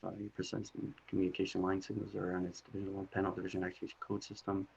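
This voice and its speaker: A man on a video call, doing an energy healing scan as he rattles off spiritual jargon in a quick, trailing run. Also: low-pitched, monotone, gravelly, darkish tone, breathy edge. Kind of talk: rapid spiritual scanning chant. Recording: dull lo-fi video-call audio.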